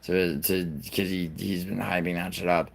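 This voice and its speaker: A man's voice: low-pitched, level tone, normal speed, creaky. A man from New York hosting a live stream, ranting casually and profanely at his chat in a rambling, combative way. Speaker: livestream host.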